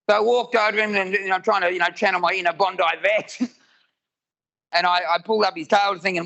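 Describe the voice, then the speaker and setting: A man's voice: high-pitched, quick pace, vocal fry, bright, forceful tone, muffled recording. A man, telling stories in a live stand-up routine and acting out both sides of the dialogue. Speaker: stand-up comedian. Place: live comedy venue with audience.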